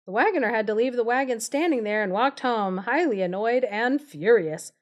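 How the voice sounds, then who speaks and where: A woman's voice: on the high side, animated, moderate pace. A woman telling a fairy tale on a live stream, narrating steadily and breaking off for playful, giggly asides. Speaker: storyteller, podcast co-host.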